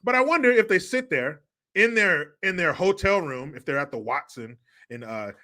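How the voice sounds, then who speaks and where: Male stream host for a sarcastic live rant; high voice, heavy mockery, swears freely. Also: expressive, moderate pace, pushed and bright. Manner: sarcastic, mocking, profane ranting. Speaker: livestream commentary host.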